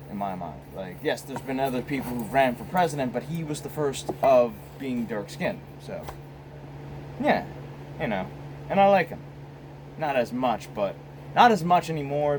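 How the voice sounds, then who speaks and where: A man's voice: mid-range voice, darkish tone, slight background noise, low-quality recording. An American man hosting his own casual vlog, rambling and profane, filmed on a phone. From United States. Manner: rambling, profane, many restarts. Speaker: host.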